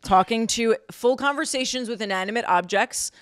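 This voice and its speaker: A woman's voice: fairly high pitch, normal speed, no room sound, studio quality. A woman co-hosting a podcast in casual, chatty and self-mocking talk. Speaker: podcast co-host. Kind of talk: casual chat.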